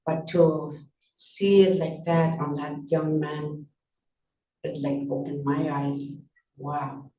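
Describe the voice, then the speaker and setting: A woman on a book launch panel telling a personal story, soft-spoken and unhurried, with many pauses. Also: low-pitched, level tone. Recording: roomy sound from a distance, faint noise.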